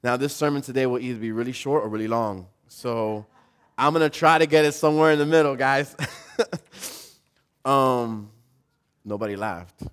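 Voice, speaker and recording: A man's voice: medium pitch, normal speed, pauses often, fairly bright tone. A man in his thirties, a pastor preaching a sermon in a casual, storytelling way with light self-deprecating humor.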